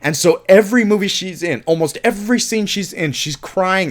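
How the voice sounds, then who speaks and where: A man's voice: sits high, normal speed. A man giving a casual, rambling film review, frank and profane, circling back and repeating himself when frustrated.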